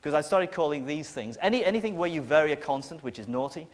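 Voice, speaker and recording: In a lecture hall with long reverb, a conference speaker with a northern English accent addresses an audience. His voice is fairly high, animated and quick, and his manner is blunt and emphatic with a sardonic edge.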